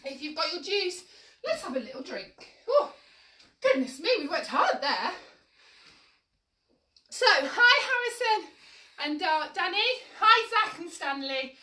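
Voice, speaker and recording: A very high, bright woman's voice swoops up and down as she cheerfully coaches little children through stretches and jumps. She sounds a little away from the camera, in an echoey room at home. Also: very animated, a little slow, pauses often. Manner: cheery, encouraging, sing-song instructions to small children. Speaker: children's exercise class leader. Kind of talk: live-streamed toddler movement class. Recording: echoey room, mic at a distance.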